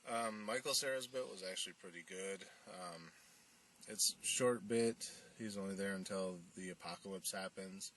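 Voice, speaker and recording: A man with a very low voice retells a movie in a loose, rambling way, full of fillers as he acts out what the characters say. He sits a little back from the mic, and a faint hiss runs under his talk. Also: moderate pace, fairly bright tone, far from the mic. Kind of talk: casual movie recap.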